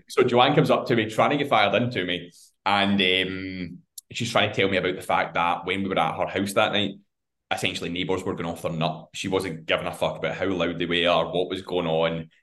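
A man's voice: sits low, normal speed, fairly bright tone. Scottish man telling a laughing anecdote. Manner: swears freely and laughs through his anecdotes. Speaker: podcast co-host. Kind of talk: casual storytelling chat.

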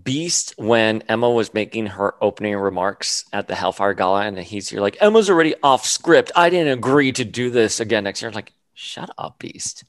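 A man hosting a casual chat, animated and quick to swing into mock outrage, with touches in his speech. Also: lowish voice, no room sound. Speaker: podcast host.

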